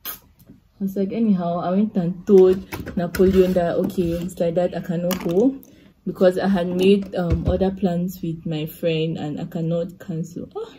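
A woman's voice: on the low side, slight background noise. Chatty woman telling a story. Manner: chatty, animated storyteller with asides and laughs. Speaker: vlogger. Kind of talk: casual storytime vlog.

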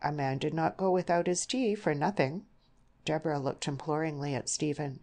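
A woman narrating an audiobook novel in a measured, even reading. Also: low-pitched. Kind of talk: scripted narration.

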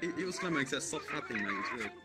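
A man's voice: a little high, animated, racing, over music. A man chatting in a virtual world, laughing and swearing. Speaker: player in virtual chat. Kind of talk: casual gaming banter.

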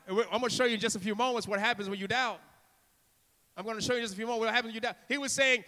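A man's voice: high voice, quick pace, bright, forceful tone. A man preaching a sermon to a congregation, impassioned and theatrical, acting out the story and urging the listeners on with repeated calls. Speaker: guest preacher. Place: church sanctuary. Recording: long reverb of a church hall.

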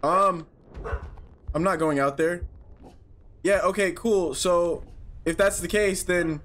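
A gaming YouTuber provides horror game commentary, talking to himself, swearing, and yelping or shouting when something startles him. He speaks slowly in a high voice and comes across as jumpy.

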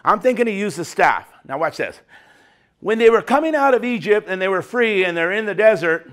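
Male preacher, high voice, lively conversational sermon delivery. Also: a little fast. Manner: animated, chatty preaching.

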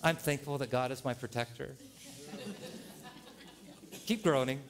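A male pastor preaching a sermon in a church, animated and joking, jumping to loud punchlines. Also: mid-range voice, a little slow. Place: church sanctuary.

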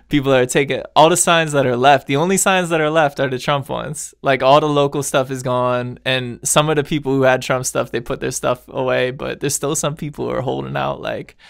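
Male podcast host, solo casual chat, rambling and chuckling, resonant with some fry. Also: mid-range voice, fairly bright tone, dry recording, clean studio sound. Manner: rambling, loose, laughs often, trails off mid-thought.

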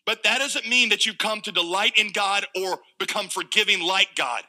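A man preaching a sermon in an animated way, acting out the voices of biblical figures with humor. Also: high voice, moderate pace, hardly any pauses, rough recording. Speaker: pastor.

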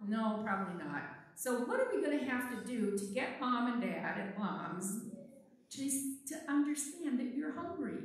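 A woman with a fairly high voice gives a children's sermon, coaxing the kids along with question after question. She sounds distant from the mic, and the church around her rings with a heavy echo. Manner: playful, coaxing, asks the children many questions. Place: church sanctuary. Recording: echoey church from far off.

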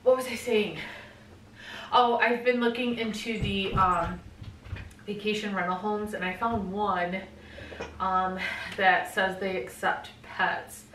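A woman's voice: medium pitch, steady tone, slow, distant mic, a little hiss or hum. Effusive woman vlogging, slightly off-mic. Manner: effusive, often drops to a hushed whisper. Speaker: pet vlogger. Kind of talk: casual vlog, unboxing gifts. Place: bedroom at home. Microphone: camera mic. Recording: roomy home audio, slightly off-mic.

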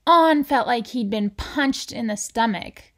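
A woman reading a children's picture book aloud in a gentle, deliberate storytelling manner. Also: a little high. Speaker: reader.

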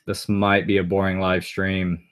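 A man's voice: sits low, little pitch movement, unhurried, a bit bright, clean tone. A man chatting casually on a live stream, rambling and answering viewer comments aloud as he goes.

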